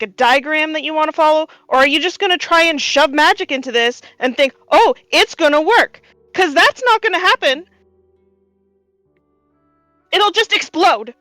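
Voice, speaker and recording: A woman's voice: high voice, a bit bright, no room sound, pitched above the performer's own voice, rough recording. A woman doing a cranky ancient gnome tinkerer. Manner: impatient, curt, rapid-fire scolding. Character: cranky very old male rock gnome tinkerer.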